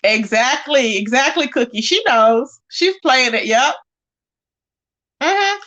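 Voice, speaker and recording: A woman's voice: high voice, slow. A woman hosting a livestream, reading chat comments and calling people out in casual commentary. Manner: animated, talks straight to chat and calls people out. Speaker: livestream host.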